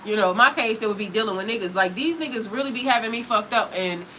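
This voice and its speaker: A woman's voice: fairly high pitch, quick pace, bright, forceful tone, slight background noise, poor audio. A woman spiritual coach in a heated, profane, emphatic livestream rant.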